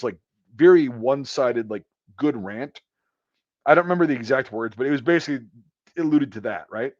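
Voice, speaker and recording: A man in a loose, profane storytelling flow, rambling through a long anecdote with plenty of "like" and "um". His voice sits mid-pitch and comes through dull and dry. It sounds like lo-fi online call audio from home. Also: a little fast, darkish tone, no echo. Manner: profane, rambling anecdotal delivery with many fillers. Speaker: podcast host. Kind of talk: casual storytelling chat.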